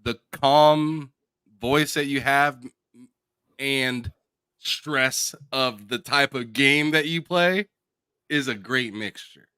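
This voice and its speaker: Man, slow-talking, bright crisp voice, excitable casual host, lots of fillers, video call. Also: medium pitch, no room sound. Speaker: podcast host. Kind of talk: casual interview chat.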